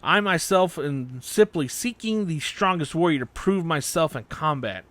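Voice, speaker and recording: A man voicing a polite, formal wandering swordsman in an audiobook reading, speaking in a measured way. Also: on the high side, animated, a bit bright, no echo. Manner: courteous and measured.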